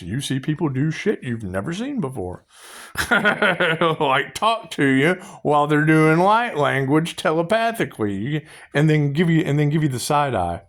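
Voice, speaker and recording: A man's voice: fairly high pitch, creaky. A man answering viewer questions in a loose, profane, rambling live-stream monologue, laughing and repeating himself.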